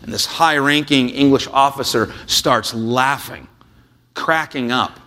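A man preaching a sermon, reading a scripture passage and then explaining it in a relaxed, conversational way with frequent "uh"s. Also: mid-range voice, measured pace. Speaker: pastor.

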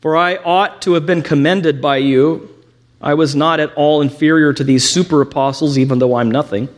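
A man's voice: a little high, steady tone, normal speed. A man teaching a lecture on scripture, reading quotations aloud and adding ironic asides. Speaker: Bible teacher.

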